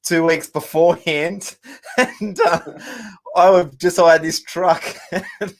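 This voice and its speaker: A man's voice: high voice, steady tone, slow. A man in his thirties with an Australian accent, hosting a casual chat and rambling through stories with fillers and laughs. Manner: rambling storyteller with many ums and laughs. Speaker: musician and show host.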